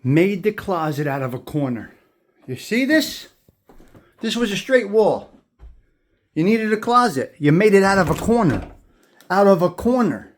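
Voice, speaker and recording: A man's high-pitched, sing-song voice carries through an old house as he walks between rooms hosting a tour. He speaks unhurriedly, pausing often, and addresses viewers with admiration while repeating his words.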